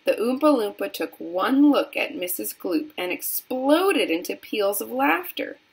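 A woman reading a children's novel aloud in a slow, deliberate storytelling manner. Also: mid-range voice, sing-song, vocal fry, slightly rough. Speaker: reader.

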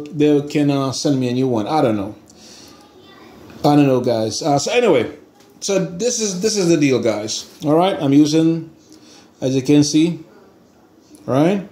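A man's voice: on the high side, a little mellow. A frustrated man rambling and restarting as he talks to his viewers about a broken hobby part. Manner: frustrated, rambling, says he is pissed off; hesitant, restarts and fillers, talks to viewers as guys. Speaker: RC hobby vlogger. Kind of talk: casual vlog chat. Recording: echoey room, faint ambience.

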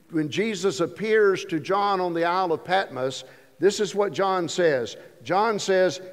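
Pastor giving a Sunday sermon, high male voice, church hall echo, leans slowly on scripture lines. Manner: slows down and stresses scripture quotes. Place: church sanctuary. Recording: long reverb of a church hall.

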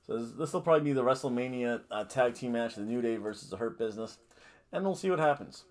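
A man's voice: mid-range voice, quick pace. A man hosting a wrestling podcast, recapping a show in a rambling, self-correcting way with jokey asides.

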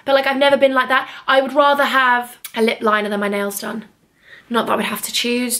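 Young woman, from England, bubbly and rambling, fairly high voice, home vlog on a handheld camera. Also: steady tone, fast talker, vocal fry, a bit bright. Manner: bubbly, rambling, self-mocking. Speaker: vlogger. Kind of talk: casual chatty vlog. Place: home, indoors.

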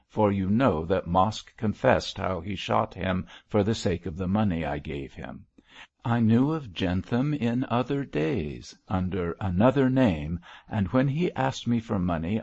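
A man's voice: fairly low pitch, vocal fry, a little mellow, no echo, exaggerated voice. A man reading the part of an elderly bishop who reproaches his curate in a solemn, sorrowful tone. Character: elderly male bishop, mild but stern. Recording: dull lo-fi dry recording.

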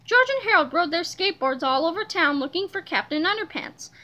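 A woman reads a children's chapter book aloud, telling the story in a lively way. Her voice is very high and bright, with a crisp, energetic edge. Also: a little fast. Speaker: reader.

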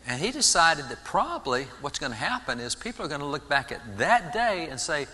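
A man giving an animated sermon-style history talk in a church, often restarting his words. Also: mid-range voice, quick pace, hardly any pauses. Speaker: guest speaker on history. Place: large church sanctuary. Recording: long church reverb.

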